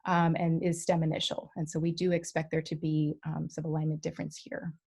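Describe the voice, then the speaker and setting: Female lecturer, lowish voice, measured academic delivery full of ums, presenting slides over a video call. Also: monotone, gravelly, darkish tone, breathy edge. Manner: careful, many ums and self-corrections. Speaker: guest lecturer. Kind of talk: academic conference talk.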